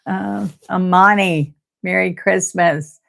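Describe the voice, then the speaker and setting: An older woman, hosting a live painting stream. She talks softly and close to tears, often repeating words as she chats to viewers. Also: lowish voice, steady tone, slow pace, vocal fry. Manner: soft-spoken, tearful, repeats words. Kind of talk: casual heartfelt chat to live viewers.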